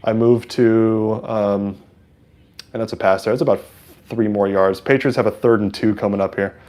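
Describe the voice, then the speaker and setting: A man from San Francisco hosting a livestream, chatting excitedly and casually as he comments on a football game. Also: on the low side, moderate pace. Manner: chatty and excitable, with frequent fillers. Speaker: livestream host. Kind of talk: casual live sports commentary.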